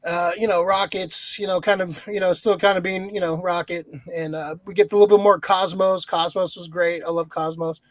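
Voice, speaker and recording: High-voiced swearing podcast guy. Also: fairly even intonation, normal speed, hardly any pauses, no room sound. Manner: swears a lot, rambling with many fillers. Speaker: podcast co-host. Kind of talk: casual movie review chat.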